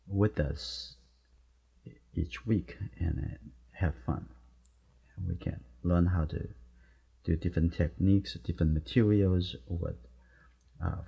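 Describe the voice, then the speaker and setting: Deep husky guy talking thru a watercolor demo, short soft encouraging bits, kinda muffled recording. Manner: soft-spoken, encouraging, talks while painting in short phrases. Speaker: watercolor teacher. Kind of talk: live painting demonstration.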